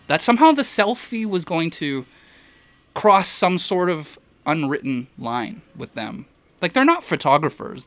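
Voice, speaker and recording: A man's voice: mid-range voice, gravelly, pushed and bright, no room sound. Guy photographer rambling through a story, lots of ums and restarts, dry close sound. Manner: rambling, many restarts and fillers. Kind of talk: casual storytelling.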